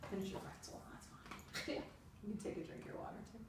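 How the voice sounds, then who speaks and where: A woman tutoring a student in reading, patient and encouraging, with casual fillers. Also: brisk. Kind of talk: one-on-one reading lesson. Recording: roomy, distant mic with background noise.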